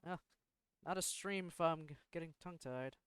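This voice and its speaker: A man's voice: a little high, a bit bright, clean tone, dry recording, studio quality. Introspective man reading a story aloud. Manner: slow, introspective, sometimes tongue-tied. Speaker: narrator reading a visual novel. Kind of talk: first-person story reading.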